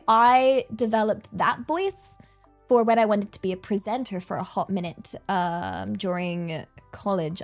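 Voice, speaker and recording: A woman from England with a rural English accent, chatting casually on a stream, giggly and rambling. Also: medium pitch. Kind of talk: casual chat.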